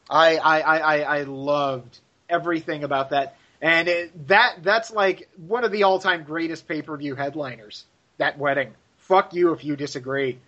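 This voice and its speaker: A man's voice: fairly high pitch, pushed and bright, dull audio. A man co-hosting a podcast in casual chat, effusive and gushing, swearing freely. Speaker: podcast co-host.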